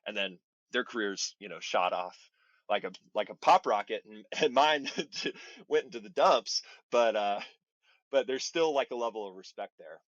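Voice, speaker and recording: A man in his thirties, a baseball pitcher telling his story as a podcast guest in an earnest, rambling way, full of "like" and "you know". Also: expressive, moderate pace, fairly bright tone, no echo, dull audio. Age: 30s. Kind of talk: casual interview storytelling.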